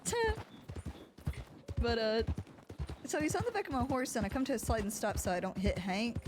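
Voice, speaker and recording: A woman streamer playing a deputy in a roleplay game, telling stories in an animated, laughing way with a Southern drawl. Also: on the high side, moderate pace, a little hiss or hum. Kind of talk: casual in-character storytelling.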